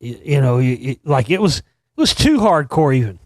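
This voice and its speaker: A middle-aged man hosting a show, telling a story in a casual, profane, animated way and laughing as he goes. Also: mid-range voice, moderate pace, no echo, studio quality. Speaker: podcast host.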